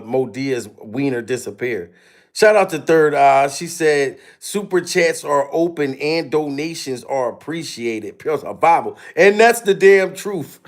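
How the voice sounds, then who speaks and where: A man giving profane, mocking reaction commentary to a live stream audience, laughing and swearing often. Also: medium pitch.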